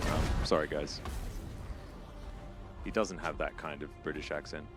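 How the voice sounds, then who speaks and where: A man casting a live esports match on his own, chatting with viewers and jumping up loud and high on big plays. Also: steady tone, measured pace, over loud music. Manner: chatty, talks straight to chat viewers. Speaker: esports caster. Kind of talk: live play-by-play commentary.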